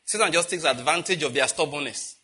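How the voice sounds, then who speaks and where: Husky preacher, bright forceful voice. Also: male voice, fairly high pitch, fairly quick. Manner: animated preaching with rhetorical questions. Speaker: pastor. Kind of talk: sermon.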